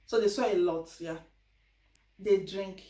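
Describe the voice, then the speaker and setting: A woman's voice: mid-range voice, measured pace. Chatty Nigerian woman in echoey room. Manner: chatty, animated, quotes others in voices. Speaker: vlogger. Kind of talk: casual advice vlog. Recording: echoey room, distant mic.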